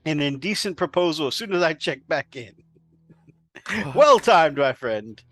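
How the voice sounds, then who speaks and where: An easygoing man co-hosting a casual hobby chat, laughing often. His voice sits slightly high. Faint music plays underneath. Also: sing-song, a little slow, a bit bright, no echo. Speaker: podcast co-host. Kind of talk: casual chat while painting miniatures.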